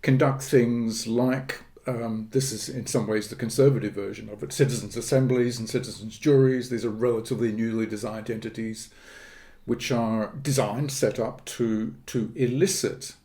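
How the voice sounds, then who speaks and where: A middle-aged politics professor speaks in a mid-range voice with fairly even intonation and a dark tone. In his podcast interview he explains ideas in a measured, academic style, pausing with fillers and restarting phrases.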